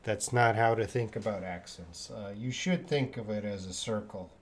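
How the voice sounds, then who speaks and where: A man's voice: fairly low pitch, normal speed, slight background noise. A Canadian man teaching English in a live online lesson, answering viewers' questions and repeating key words for learners. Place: living in Korea.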